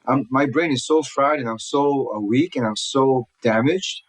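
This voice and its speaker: A man sits for an interview and tells his story at a rush. He stumbles into restarts and slips into the voices of people he quotes. His pitch sits in the middle range. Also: low-quality recording. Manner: fast, earnest retelling full of restarts, acting out quotes. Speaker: guest telling his life story. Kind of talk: personal storytelling in a conversation. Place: lives in Southern California.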